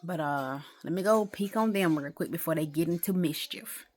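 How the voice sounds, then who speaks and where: A woman's voice: lowish voice, moderate pace. A woman talking casually to a phone camera at home in a rambling day-in-the-life vlog, with exasperated asides. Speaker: vlogger.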